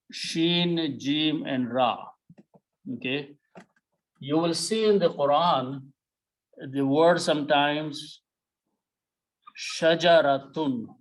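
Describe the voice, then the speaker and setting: A man teaching a Quran lesson, explaining words step by step, repeating key terms and pausing on "okay". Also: on the high side, low-quality recording.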